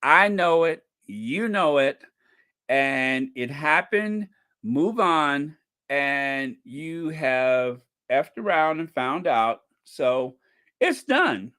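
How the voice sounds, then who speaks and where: A man's voice: on the high side, very slow, sharp tone, smooth. A man hosting a commentary channel, talking casually to his viewers with frequent laughter and emphatic asides.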